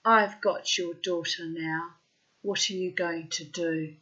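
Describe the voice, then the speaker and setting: A smug young Englishman taunts in a mock-sinister way, as a woman puts him on. The voice sits a little low, and the words come slowly and deliberately. The audio is dull and lo-fi. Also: a bit bright. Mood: taunting.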